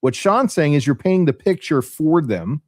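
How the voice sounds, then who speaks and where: A man's voice: a little high, lively intonation, normal speed, dry recording. Male interview host, conversational and affirming, dry close mic. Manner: affirming, sums up the guest's points with analogies. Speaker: podcast host.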